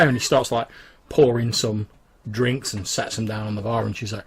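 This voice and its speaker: A man's voice: fairly low pitch, fairly even intonation, quick pace, vocal fry, slightly rough. A man narrating a tabletop game as game master, rambling with many fillers.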